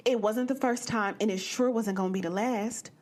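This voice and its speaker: A young woman from the American Midwest hosting a podcast, telling a personal story in a blunt, profane and animated way. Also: a little high, normal speed. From Midwestern United States. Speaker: podcast host. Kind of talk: candid storytelling monologue.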